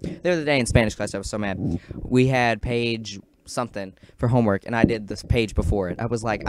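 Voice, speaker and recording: A teenage boy tells rambling stand-up stories in a low-pitched voice. He keeps jumping into squealing, shouted impressions of the people in his stories. Heavy background noise runs under the whole recording. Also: fairly quick. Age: teens. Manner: rambling, excitable, acts out quotes with sudden loud squeals. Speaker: amateur stand-up comic. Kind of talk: casual stand-up storytelling.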